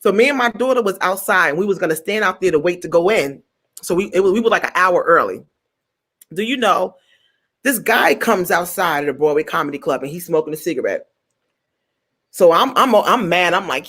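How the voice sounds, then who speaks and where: A woman's voice: mid-range voice, brisk. A woman comedian from New Jersey telling a story in casual chat, acting out the voices of the people in it. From New Jersey, USA. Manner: animated, acts out quoted voices; stutters at times. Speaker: comedian guest.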